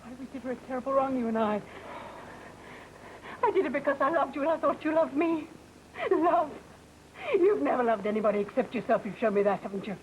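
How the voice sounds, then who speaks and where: A woman's voice: high-pitched, expressive, fairly quick, long pauses, a little mellow, lo-fi sound, a little hiss or hum. An actress playing an indignant stepmother confronting her husband, in clipped, precise diction typical of old television drama. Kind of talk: 1960 television drama acting.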